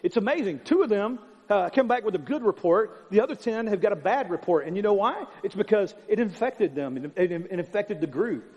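A man's voice: high-pitched, lively intonation, brisk, few pauses, darkish tone. A man preaching a sermon as pastor, in an emphatic, conversational style with lots of repetition. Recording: long hall reverb, dull sound.

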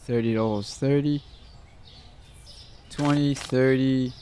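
A man's voice: medium pitch, steady tone, slow, background noise. A man giving casual gameplay commentary, swearing constantly and muttering prices as he counts change. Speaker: gaming channel host.

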